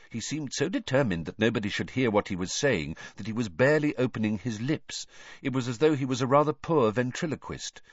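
Low-voiced man with animated narration. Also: no echo, muffled recording. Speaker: audiobook reader. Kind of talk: scripted narration.

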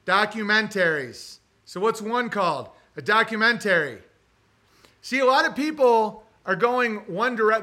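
A man rambles through viewer messages on his livestream, cursing freely and breaking off to talk to his dog. His voice is bright and forward, sitting a little high for a man. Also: lively intonation, measured pace. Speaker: livestream host reading super chats. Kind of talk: casual livestream chat.

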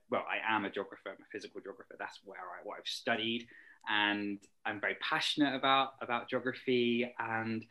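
A man's voice: lowish voice, a bit bright, low-quality recording. A young man chatting eagerly as an interview guest, rambling with fillers. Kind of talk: casual interview chat.

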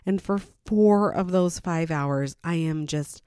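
A middle-aged woman speaks candidly about parenting in a slightly low voice. She acts out quotes in sudden higher tones and sometimes laughs between points. The sound is close and dry, with no room around it. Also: slow, warm tone, clean tone, no room sound. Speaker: parent sharing her experience. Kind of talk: casual personal talk to viewers.

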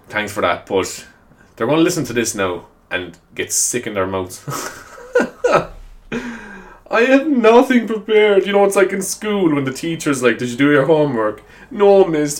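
A man's voice: on the low side, fairly bright tone. Rambling self-mocking man hosting a podcast. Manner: rambling, self-deprecating, laughs often. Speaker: podcast host. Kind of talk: casual solo podcast chat.

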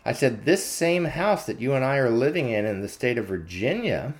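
A man's voice: medium pitch, sing-song, moderate pace. A man hosting his own channel, telling a story in a chatty, unscripted monologue full of fillers and "I said" retellings. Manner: chatty, frequent filler words, retells dialogue with "I said". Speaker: commentary channel host.

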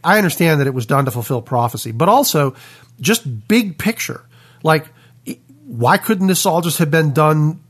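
A man with a husky voice in a casual faith conversation, reflective, thinking aloud with pauses and fillers. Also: on the high side.

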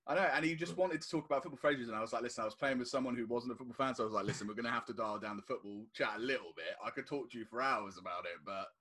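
A man's voice: mid-range voice, very fast, hardly any pauses, husky. A man co-hosting a casual football podcast, telling stories and acting out what people said. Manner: animated storytelling, acts out quotes. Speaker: podcast co-host.

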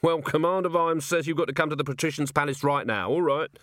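A man's voice: on the high side, quick pace, fairly bright tone, dry recording, clean studio sound, voice pushed up, natural voice. A man reading an audiobook voices a cheeky young male watch constable with a mocking tone.

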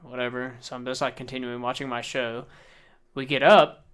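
A young man co-hosting a casual podcast chat, telling stories with lots of swearing and loud acted-out quotes. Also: mid-range voice, normal speed, clean tone. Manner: animated storyteller, swears a lot, acts out quotes loudly. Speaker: podcast co-host.

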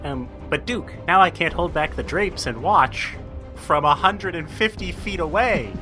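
A man's voice: a little high, unhurried, pushed and bright, soft background music, voice pushed up. A man voicing a fussy, formal male circus performer who talks in a pedantic, wordy way.

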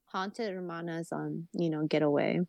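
A woman's voice: deep voice, steady tone, moderate pace, creaky, darkish tone, dry recording. A woman co-hosting a podcast in casual chat, playful and laughing. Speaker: podcast co-host.

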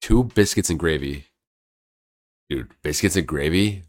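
A young man in casual podcast chat, excitable and crude, joking with friends. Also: a bass voice, a little slow. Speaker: podcast co-host.

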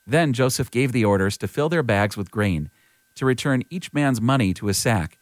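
A man with a fairly low voice reads scripture aloud in a measured, even way. He is close to the mic. The sound is dry, with no room echo. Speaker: scripture reader. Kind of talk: scripture reading.

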